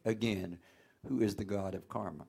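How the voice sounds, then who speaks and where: A man preaching a sermon, often rising into loud outbursts. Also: fairly low pitch, fairly even intonation, normal speed, vocal fry, breathy edge. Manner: folksy, call-and-response preaching with sudden loud outbursts.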